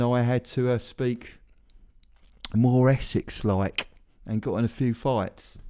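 A man's voice: lowish voice, a little mellow. A man hosting a podcast, chatting casually in a rambling way with self-deprecating asides. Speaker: podcast host. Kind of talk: casual chat.

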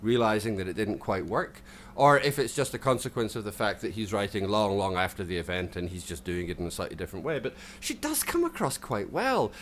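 Scottish man, podcast co-host, swooping lively pitch, faint hiss behind. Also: brisk, few pauses. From Scotland. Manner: animated, self-deprecating, laughs often, many restarts. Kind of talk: casual podcast chat.

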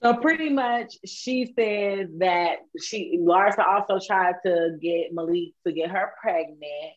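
A woman co-hosting a podcast, recounting celebrity gossip in a slow, drawn-out casual way with fillers. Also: on the low side. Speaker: podcast co-host. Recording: dull lo-fi sound.

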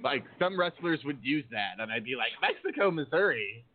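A man's voice: medium pitch, animated, a little fast. A man hosting a wrestling podcast, rambling and joking in casual chat. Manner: rambling, laughing. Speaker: podcast host. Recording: phone-like lo-fi call audio.

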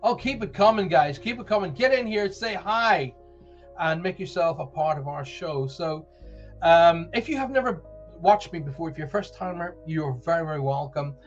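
Chatty soft-spoken Northern Irish man. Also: a little high, lively intonation, moderate pace, highs cut off, faint music behind. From Northern Ireland. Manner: chatty, rambling, reads messages aloud with put-on voices. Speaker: host of a live call-in show. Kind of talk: live show host greeting viewers.

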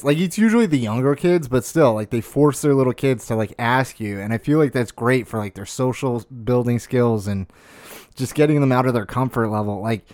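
A man's voice: medium pitch, darkish tone, no echo. Profane ranting young man, dry close mic. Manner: profane, exasperated ranting with constant fillers. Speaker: streamer. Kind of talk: casual ranting monologue. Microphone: close desk mic.

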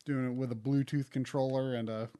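A man's voice: medium pitch, fairly quick, clear, resonant tone. A man casually chatting and laughing while playing a retro game on a live stream. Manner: chatty, laughs often, animated.

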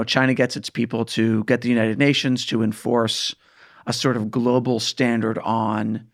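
A man in casual political discussion, halting with fillers and restarts. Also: mid-range voice, creaky. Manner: hesitant, restarts, many fillers like "like" and "right".

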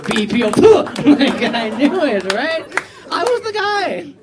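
Animated man doing stand-up. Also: very high voice, over a noisy crowd, heavy background noise. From India. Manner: animated, acts out callers in quick voices. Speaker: stand-up comedian. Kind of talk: stand-up comedy set. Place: comedy club with live audience. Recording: live club audience laughing.

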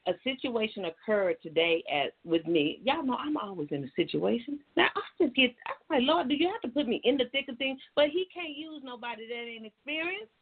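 A woman's voice: on the high side, sing-song, brisk, hardly any pauses, husky. A woman life coach telling a story to her viewers in a chatty, folksy way, sliding into emphatic, preachy advice. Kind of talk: casual storytelling and faith-based advice. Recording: tinny phone-like sound.

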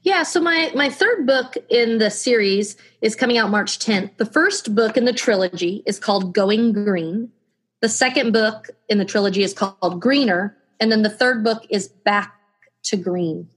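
Husky-voiced woman author. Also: medium pitch, normal speed. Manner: thoughtful, with restarts when explaining. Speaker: author reading her novel. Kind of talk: podcast interview and book reading.

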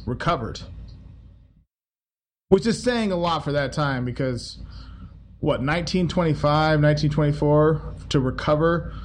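A man casually reading a history book aloud, breaking off for swearing, joking asides. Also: on the high side. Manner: casual, swears, laughs at the text. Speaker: reader.

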